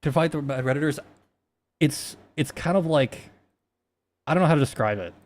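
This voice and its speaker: A man's voice: a little high, lively intonation, normal speed, darkish tone. A man talking casually on a stream, rambling with many restarts and plenty of swearing.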